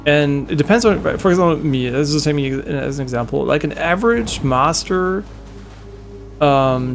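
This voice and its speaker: A young man streaming a game, chatting casually and rambling with lots of fillers and easy laughter. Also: a little high. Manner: rambling, loose, laughs often, many fillers. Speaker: gaming streamer. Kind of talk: casual chat while streaming gameplay.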